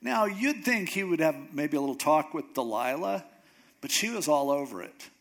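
A man preaching a sermon, retelling a story in a lively, joking way with asides. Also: on the high side, moderate pace.

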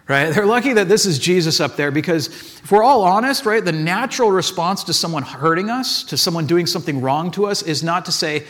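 A man delivers a sermon in an easygoing, chatty way, his voice pitched high for a man and bouncing all over. He tells stories with plenty of "like" and little acted-out asides. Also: expressive, a little fast, fairly bright tone. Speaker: pastor. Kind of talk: casual conversational sermon.

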